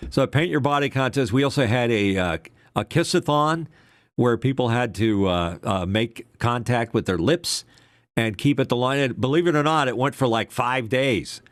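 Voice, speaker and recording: A man's voice: medium pitch, moderate pace, no room sound, studio quality. An older man, a former radio DJ, co-hosting a casual talk show and telling stories with lots of fillers. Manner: rambling storyteller, many fillers. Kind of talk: casual podcast chat.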